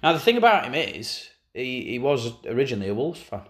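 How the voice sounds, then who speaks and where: A man's voice: mid-range voice, big pitch swings, fairly quick. A man co-hosting a casual chat, telling wry, sweary anecdotes. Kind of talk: casual banter.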